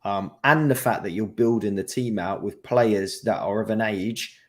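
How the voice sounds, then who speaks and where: A relaxed man chatting about football as a podcast guest. His voice sits fairly low and he works his thoughts out aloud. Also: normal speed. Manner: laid-back, thinking aloud. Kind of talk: casual football chat.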